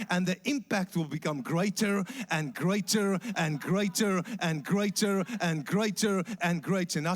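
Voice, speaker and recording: High-voiced South African preacher. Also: male voice. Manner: animated storytelling with acted voices and jokes. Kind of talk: sermon. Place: church.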